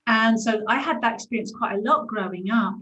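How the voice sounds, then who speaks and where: A woman in her forties with a Brighton English accent, hosting a casual interview and speaking in a gushing, affectionate, spiritual way. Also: fairly high pitch, brisk, echoey room, dull audio. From England. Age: 40s. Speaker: host.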